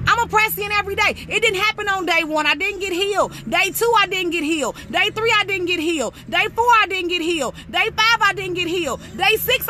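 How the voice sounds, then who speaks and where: A woman preaching a fervent sermon, repeating praise phrases and rising to shouts. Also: very high-pitched. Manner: rhythmic repetition, rising to shouts. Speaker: prophetess preaching.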